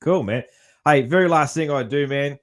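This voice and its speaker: A man's voice: fairly high pitch, moderate pace. A man with a broad Australian accent hosting a podcast, laid-back and calling his guest "man.". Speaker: podcast host. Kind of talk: casual interview chat.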